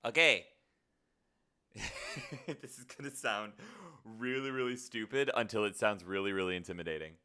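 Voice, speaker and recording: A man's voice: on the low side, normal speed, bright, forceful tone, clear, resonant tone. A man streaming live in casual chat, muttering to himself and joking at his own expense, looping filler words in long strings. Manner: self-mocking, muttering to himself while fiddling with settings.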